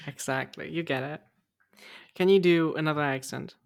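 A woman's voice: sits low, normal speed, vocal fry, a little mellow. A woman from Germany co-hosting a podcast in casual chat, teasingly asking her co-host for accents.

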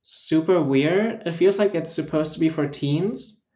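A man co-hosting a podcast in relaxed casual chat, teasing and using many fillers. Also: on the high side, a little slow, reverberant. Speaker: podcast co-host.

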